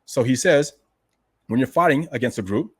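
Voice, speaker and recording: A man's voice: medium pitch, lively intonation, moderate pace, slightly rough. A man hosting a show who reads passages from a classic text aloud and then explains them in a casual, emphatic way, often asking "right?" and talking to the listeners as "guys". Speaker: host explaining a martial arts classic.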